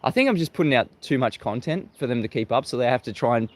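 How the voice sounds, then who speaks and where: Mocking Australian livestream host. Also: male voice, medium pitch, animated, fast talker. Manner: mocking and combative, laughs often at critics. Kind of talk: live-stream monologue greeting viewers.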